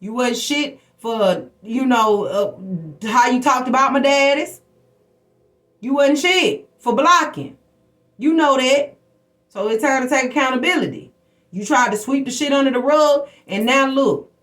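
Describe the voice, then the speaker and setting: A woman's voice: sits high, expressive, unhurried, a bit bright. A woman hosting a spiritual livestream, telling personal stories in a blunt, profane, preachy way. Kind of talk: casual spiritual talk to viewers.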